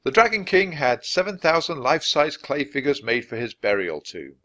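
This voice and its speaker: A man narrating a children's storybook aloud, expressive and switching voices for each character. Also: medium pitch, normal speed. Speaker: audiobook reader.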